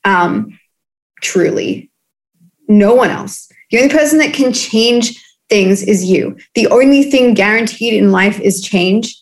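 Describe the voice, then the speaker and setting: A musician in her thirties from Australia joins a video call as a guest for a candid interview chat. Her medium-pitched voice is expressive and she takes it slowly, speaking casually with many fillers and restarts.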